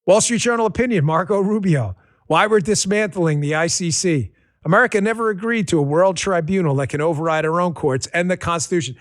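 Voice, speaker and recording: A man with a high voice talks a little fast as he hosts a political commentary podcast on a studio mic. His rant is sarcastic and excitable and keeps spilling into laughter, and the sound is dry and close with no room sound.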